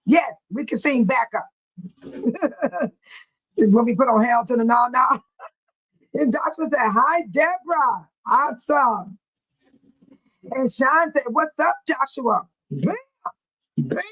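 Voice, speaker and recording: A woman with a high voice hosts a relaxed livestream and takes her time. She reads out viewers' comments and teases them playfully, breaking into giggles again and again. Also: low-quality recording. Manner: giggly, laughs often between remarks. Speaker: livestream host. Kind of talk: casual livestream chat, reading viewer comments aloud.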